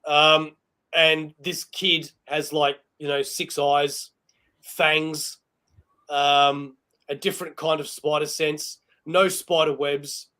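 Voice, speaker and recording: An Australian man with a notably high voice co-hosts a casual live chat show. He talks in excitable, rambling bursts and laughs at himself often. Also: slow. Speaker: podcast co-host.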